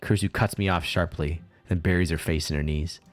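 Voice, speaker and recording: A man's voice: sits low, fairly quick, soft background music. A man streaming a game, reading its dialogue aloud and breaking off into crude joking asides. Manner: reads lines flatly, then breaks off into crude joking asides. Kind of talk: casual game playthrough with read-aloud dialogue.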